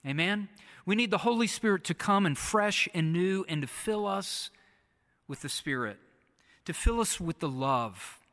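A pastor preaching a sermon, repeating phrases and often dropping to a soft, hushed delivery. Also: male voice, sits high, lively intonation, a little slow. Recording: long reverb of a large hall.

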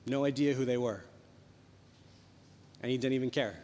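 A young man preaching a sermon, telling a personal story in a lively, conversational way. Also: medium pitch, normal speed. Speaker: pastor. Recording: long hall reverb.

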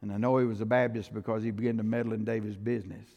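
A male pastor preaching a storytelling sermon, swinging from loud outbursts to hushed tones. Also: lowish voice, little pitch movement, very fast, gravelly. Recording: reverberant hall.

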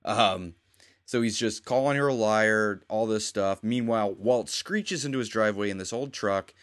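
A man's voice: lowish voice, normal speed, fairly bright tone. A man co-hosting a casual chat, rambling as he retells scenes and quotes the characters. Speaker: podcast co-host.

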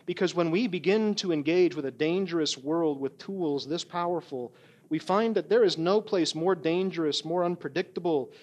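A man preaching a sermon as pastor, telling a story with animated emphasis and frequent "right?" asides. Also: fairly high pitch, moderate pace. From not from California.

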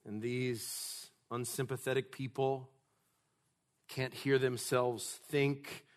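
Slow, emphatic male preacher. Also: mid-range voice, little pitch movement. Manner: emphatic, builds to loud preaching. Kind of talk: sermon.

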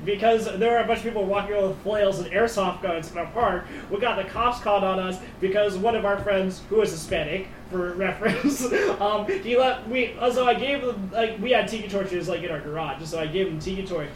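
High-voiced man rambling through an anecdote. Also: a little fast, hardly any pauses, distant mic. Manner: rambling, self-correcting anecdote with laughs. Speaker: friend in the chat. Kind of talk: casual group chat. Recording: echoey room, off mic, clear background noise.

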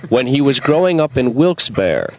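Man, mid pitch, lively intonation, anecdotal, radio comedy. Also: normal speed, a little hiss or hum. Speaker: comedy troupe member.

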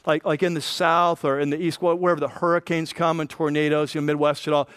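Man, pastor, sermon, high-pitched, dry sound, animated delivery. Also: fast, clear, resonant tone, dry recording. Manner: animated preaching, quotes scripture in lively voices.

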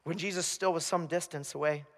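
A man preaching a sermon as pastor, telling the story with humor and animated asides. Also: a little high, brisk, in a large hall. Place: church.

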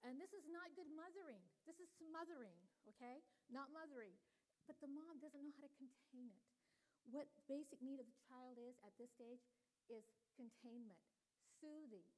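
A woman's voice: high voice, moderate pace, darkish tone, poor audio. An older woman delivering a sermon to women in an earnest, personal teaching tone. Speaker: women's ministry speaker.

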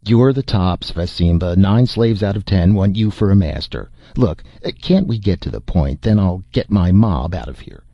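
A man's voice: deep voice, expressive, normal speed, creaky, few pauses, no room sound, dull audio, exaggerated voice. A man voicing a wry, resourceful male adventurer in an audiobook, with dry humor. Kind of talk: audiobook character voice.

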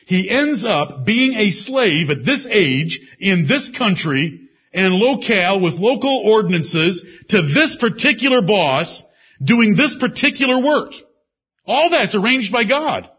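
A man preaching a sermon with emphasis. He repeats key phrases and drops into low asides. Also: big pitch swings, measured pace, breathy edge. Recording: dull lo-fi sermon recording.

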